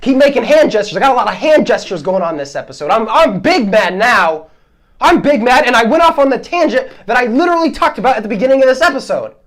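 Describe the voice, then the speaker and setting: A man hosting a solo podcast, ranting in a heated, exasperated way, his voice swinging between loud outbursts and quieter asides. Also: very high-pitched, sing-song, fast. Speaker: podcast host.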